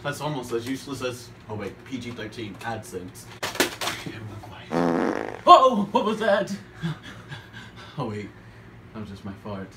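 A woman voicing a chaotic, reckless aunt babysitting kids, rambling erratically with dark jokes, in a comedy sketch. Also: very deep voice, fairly quick, hardly any pauses. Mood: hushed. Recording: echoey room, far from mic, loud noise.

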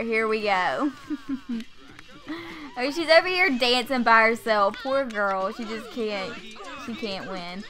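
A woman's voice: a little high, takes it slowly, a bit bright. A woman in her twenties giving chatty, giggly gameplay commentary into a desktop mic, full of "like" and mild swearing. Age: 20s. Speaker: gaming YouTuber. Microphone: USB desktop microphone.

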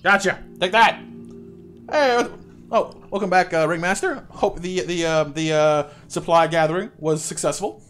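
A man's voice: high-pitched, moderate pace, fairly bright tone. A young man doing playful live gameplay commentary, chatting with viewers by name and coaxing game characters along. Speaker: streamer.

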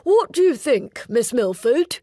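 A woman voicing a courteous, fortune-hunting young gentleman in an audiobook, speaking in a measured way. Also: high-pitched, big pitch swings, dry recording, studio quality, exaggerated voice. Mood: polite.

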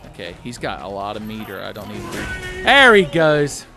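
A young man giving casual, profane commentary while playing a fighting game, often shouting his special moves. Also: fairly low pitch, brisk, creaky, loud music behind the voice. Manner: excitable, profane, yelling move names. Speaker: let's-play commentator.

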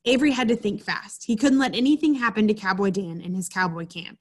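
A woman's voice: mid-range voice, quick pace, few pauses. A woman presenting a children's program, reading a picture book aloud and then walking children through a craft in a chatty, instructive way. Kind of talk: storybook reading and craft lesson.

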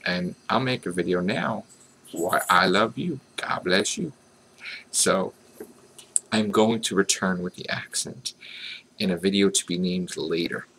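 A man's voice: sits low, a little slow, vocal fry, fairly bright tone, slight background noise. An American man talking to his viewers in a rambling, self-mocking, earnest vlog monologue. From United States. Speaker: vlogger.

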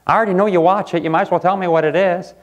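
A pastor preaching a sermon in a church, jumping from loud outbursts to quiet asides. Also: male voice, high-pitched, steady tone, racing. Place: church sanctuary.

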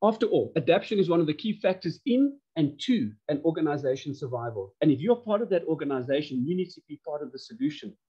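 A man's voice: a little high, fast, few pauses, breathy edge, muffled recording. Emphatic man lecturing online. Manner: animated and emphatic, repeats phrases. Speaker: course instructor. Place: home lounge.

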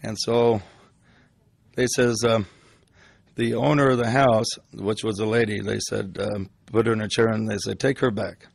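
A man's voice: lowish voice, little pitch movement, normal speed, vocal fry, no echo. An older man telling a personal story in a casual, rambling way, full of restarts.

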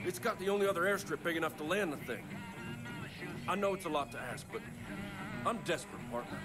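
A man's voice: fairly high pitch, fast, close to an everyday voice. An actor playing a desperate middle-aged male bush pilot in a video game, frantic and pleading, swearing a lot. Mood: subdued. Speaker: game character. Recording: game audio with music behind.

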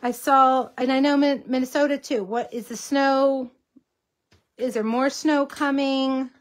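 Hosting a laid-back craft tutorial livestream, this chatty Texas woman walks viewers through every step and banters with them while she works. Her slightly high voice keeps a fairly even intonation and a measured pace, with a slight cough lingering in it.

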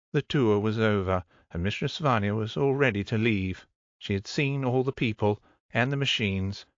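A man's voice: medium pitch, no room sound, dull audio. A man narrating an audiobook in a dry, wry manner.

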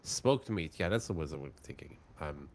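A man's voice: a bass voice, lively intonation, moderate pace, creaky, a little mellow. A man chatting casually during a game, rambling and joking, often trailing off mid-thought. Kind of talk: casual gaming chat.

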